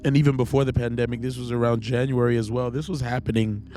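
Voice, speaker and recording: A man hosting a podcast, telling a personal faith testimony in an earnest, halting, emotional way. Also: medium pitch, flat delivery, warm tone, faint music behind. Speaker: podcast host.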